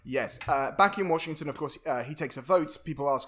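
Man podcast co-host, rambling comic film recap, slightly higher voice. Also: fairly quick, hardly any pauses, a bit bright. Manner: joking, rambling, often laughing. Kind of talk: casual film recap chat.

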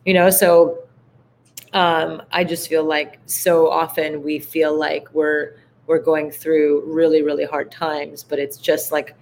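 A woman guest talks in a relaxed, searching way, her voice carrying a gravelly fry. She leans on "like" as she works through her thoughts. A faint hum sits behind her. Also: deep voice, takes it slowly. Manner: reflective, heartfelt, heavy use of "like". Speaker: podcast guest. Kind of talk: casual conversation.

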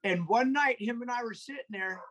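A man in casual podcast chat, telling animated stories full of swearing and acted-out quotes. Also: very high voice, brisk. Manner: animated storyteller, swears a lot, acts out quotes.

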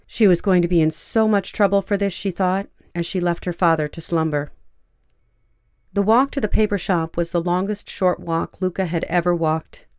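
A woman narrating a fiction story in a measured, even storytelling way. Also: lowish voice, clear, resonant tone, dry recording, clean studio sound.

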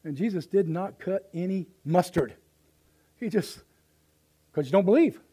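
A male pastor preaching live in church, folksy and impassioned, swinging from hushed asides to loud appeals. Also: high voice, expressive, measured pace, husky, poor audio. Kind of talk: sermon.

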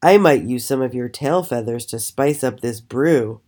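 A woman's voice: rumbling low, moderate pace, dark tone. A woman voicing a scornful old woman with magic powers in a storybook reading, with a sneering manner.

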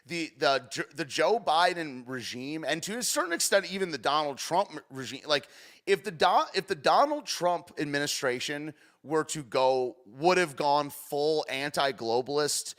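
A young man giving casual, rambling commentary as he reacts to a clip, swinging between loud and soft. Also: fairly high pitch, animated, normal speed. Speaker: streamer reacting to a news clip.

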